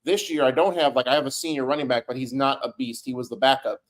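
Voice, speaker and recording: A man's voice: medium pitch, fast. A man co-hosting a podcast who chats casually about video games in an upbeat way, often acting out quotes. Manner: chatty, upbeat, acts out quotes. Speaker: podcast co-host.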